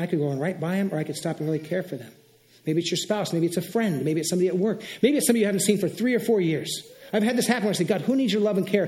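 A male pastor preaching a conversational sermon, often dropping into soft, quiet spoken prayers. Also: high-pitched.

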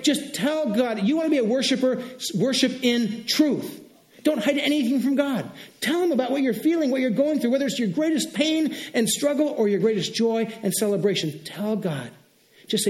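Speaking briskly in a high voice, a middle-aged male pastor delivers an earnest, animated sermon and acts out sample prayers aloud.

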